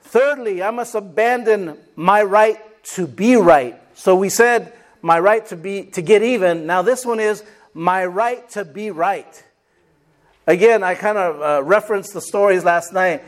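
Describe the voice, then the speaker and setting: A man with a notably high voice preaching a sermon to his congregation. He calls out for amens and acts out everyday stories to make his point. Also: a little slow. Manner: preaching with call-and-response amens and acted-out stories. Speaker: pastor.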